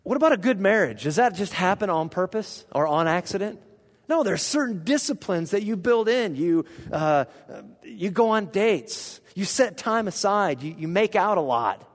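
Animated pastor preaching in a reverberant hall. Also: male voice, high voice, moderate pace. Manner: animated, asks the congregation questions, swings from hushed to loud. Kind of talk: sermon. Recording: long reverb of a large hall.

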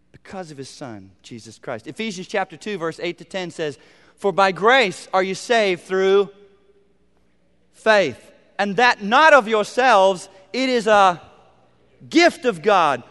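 A male pastor preaching a sermon, moving from loud emphasis to hushed, almost whispered lines. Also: sits high, expressive, slow, smooth, big-room sound.

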